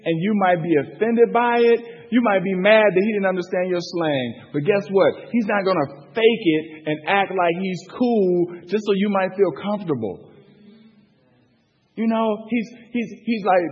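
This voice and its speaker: A man with a husky, slightly raised voice leads a church group study, talking loosely with plenty of "like" and pulling answers from the room. He's recorded in a big echoey hall on a dull, muffled track. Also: sits high, unhurried. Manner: loose, filler-heavy talk, asks the room for answers. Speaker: Bible study teacher. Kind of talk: casual teaching to a group.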